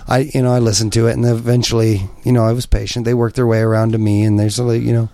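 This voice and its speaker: A man's voice: medium pitch, flat delivery, fast talker, dark tone, no echo. A man in his thirties from Kansas, hosting a casual podcast and telling jokey, rambling stories. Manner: rambling, joking storyteller. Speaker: podcast host. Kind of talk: casual chat.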